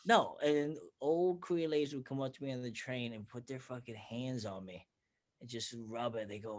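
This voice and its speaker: A man's voice: mid-range voice, normal speed. A man from Pennsylvania, a comedian guest telling profane stories in casual podcast chat and acting out quotes. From Bethlehem, Pennsylvania, USA. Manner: profane, storytelling, acts out quotes.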